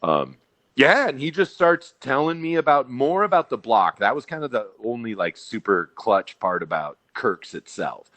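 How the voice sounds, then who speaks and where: A man's voice: mid-range voice, normal speed, dry recording. A man on a podcast, telling a story in casual chat and acting out the people he quotes. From Billings, Montana. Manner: animated, acts out quoted people.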